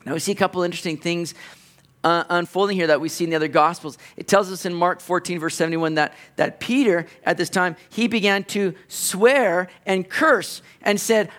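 A man's voice: sits high, normal speed, fairly bright tone. A man preaching a sermon in an earnest, conversational way, with playful asides to the congregation. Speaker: pastor.

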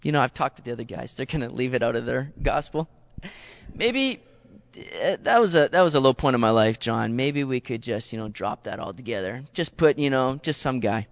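Preacher doing a bashful apostle, soft and hushed, dry lo-fi sound. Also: male voice, animated, fairly quick, gravelly, no echo. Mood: sheepish pleading. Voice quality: hushed, lower and softer than his own voice. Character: sheepish grown man, embarrassed apostle pleading. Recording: dull lo-fi recording.

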